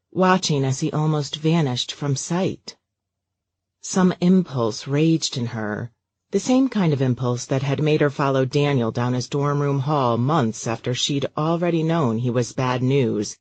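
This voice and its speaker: A woman narrating a romance audiobook in a steady, measured storytelling manner. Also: a bass voice, dry recording. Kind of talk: scripted narration.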